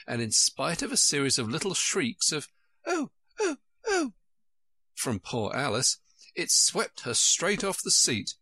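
A man reading a storybook aloud with expressive, lilting narration. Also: medium pitch, vocal fry, no room sound.

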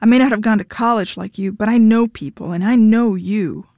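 A woman's voice: medium pitch, brisk, mellow, no room sound, studio quality, close to an everyday voice. Woman voicing a pleading, volatile man. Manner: pleading, cracking voice.

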